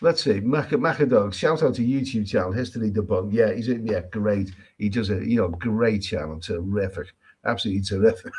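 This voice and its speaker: This travel vlogger from England, hosting a casual stream on an island in Thailand, speaks fairly quickly in a lowish, slightly rough and somewhat mellow voice. He reads viewer comments aloud and answers them chattily, repeating himself, restarting often and giving emphatic opinions.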